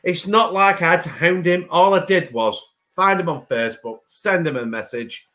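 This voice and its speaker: A man hosting a live stream, rambling and swearing as he tells stories and says he feels rough. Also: on the high side, moderate pace, sharp tone. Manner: rambling, swears a lot, restarts. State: feeling rough, unwell. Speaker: stream host. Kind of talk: casual chat on a live stream.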